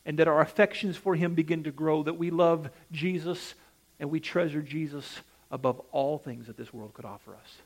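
Delivering a sermon at normal speed, a male preacher speaks on the high side. His cadence is emphatic, rising and falling, and he often questions the congregation directly.

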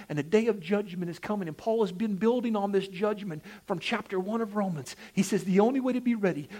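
His voice is high, a little mellow and husky as he delivers a sermon. The male preacher's emphatic delivery swells and dips, with frequent direct questions aimed at the congregation.

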